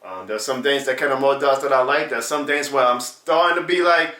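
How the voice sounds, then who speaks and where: A man's voice: mid-range voice, fairly quick, hardly any pauses, sharp tone, echoey room, far from the mic. A man hosting a sports reaction channel, venting in a casual, exasperated and sarcastic rant. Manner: exasperated, sarcastic, mocks rival fans in put-on voices.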